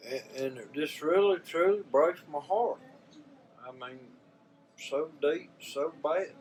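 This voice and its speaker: A man's voice: fairly high pitch, slow pace, darkish tone, poor audio. An older man with a Southern US accent talking casually and from the heart to his viewers in a folksy, rambling way, often repeating his words. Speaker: vlogger. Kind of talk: casual heartfelt talk to camera.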